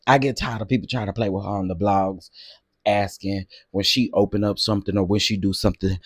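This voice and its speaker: A man hosting a casual livestream, talking to his chat in an animated way and laughing often. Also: on the low side, a little fast, no room sound, studio quality. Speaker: livestream host.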